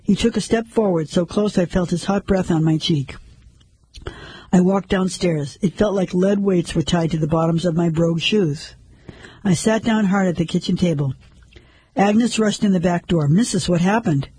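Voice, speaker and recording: A man narrating a first-person story in a measured, steady way. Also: high voice, husky, no echo, rough recording.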